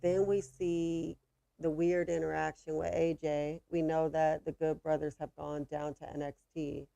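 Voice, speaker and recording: A co-host on a live watch-party stream with a gravelly edge of vocal fry, trading blunt, dismissive quips and reading out chat questions. The sound is dry and close-miked. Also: medium pitch, level tone, measured pace, mellow, no echo.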